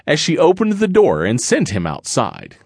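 A man's voice: fairly high pitch, huge pitch swings, normal speed, husky, no room sound, clean studio sound. A man narrating a rhyming children's picture book in a sing-song read-aloud manner. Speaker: audiobook narrator.

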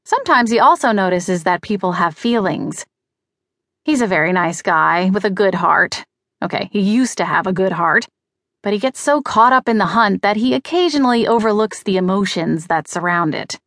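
A woman's voice: medium pitch, animated, moderate pace, a bit bright, no echo. A woman reading a mystery audiobook in first person, with a wry, conversational delivery. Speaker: audiobook narrator. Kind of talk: first-person scripted narration.

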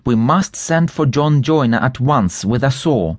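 A man's voice: medium pitch, lively intonation, unhurried, a little mellow, dry recording, studio quality. A man voicing a sensible, serious female cat cousin in a storybook reading, grave and decisive.

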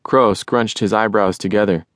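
A man narrating a children's audiobook with lively first-person storytelling. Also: lowish voice, moderate pace, no room sound, studio quality.

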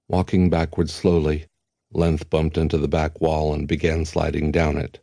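A man reading an audiobook in a steady, measured narration. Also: a bass voice, no echo, clean studio sound. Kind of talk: scripted narration.

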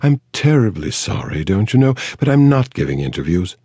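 A man's voice: lowish voice, big pitch swings, normal speed, mellow, slightly rough, dry recording, voice pushed up, full character voice. A man voicing a brusque, upper-class English woman with a posh London accent in an audiobook, clipped and dismissive. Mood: cool, dismissive. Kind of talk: audiobook character voice.

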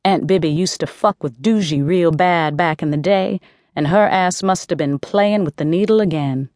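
A woman's voice: on the low side, normal speed, a little mellow, no room sound, clean studio sound. A woman narrating a first-person audiobook in a gritty, slangy street voice.

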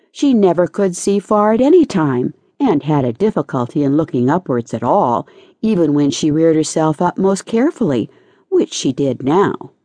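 A woman narrating a children's storybook audiobook with gentle, expressive storytelling. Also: low voice, no echo.

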